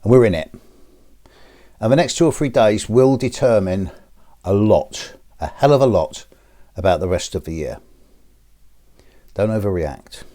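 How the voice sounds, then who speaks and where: Chatty low-voiced man. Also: lively intonation, measured pace, pauses often, dark tone. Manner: chatty, wry joke-telling. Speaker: astrologer, channel host. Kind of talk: casual talk to camera.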